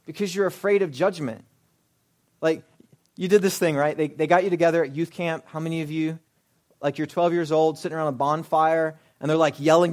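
A young adult male pastor with a notably high voice, delivering a sermon. He presses his points with rhetorical questions and swings between forceful pushes and quiet, hushed asides.

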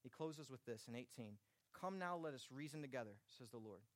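Male pastor, mid pitch, dry close sound, urgent sermon delivery. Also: lively intonation, fairly quick, no echo. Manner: urgent preaching, dropping soft then rising to emphatic.

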